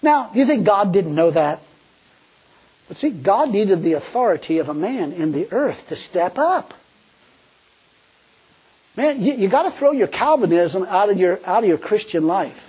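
A man's voice: high-pitched, a little mellow, breathy edge, highs cut off. A male preacher giving a folksy sermon, talking colloquially and acting out the pleas he quotes. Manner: colloquial, laughs at own jokes, acts out quoted pleas.

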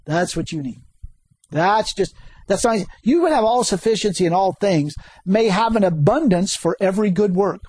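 This is an animated male preacher who chuckles a lot, repeats important words, and suddenly rises into high exclamations. His delivery is at normal speed, with a breathy edge to the voice.

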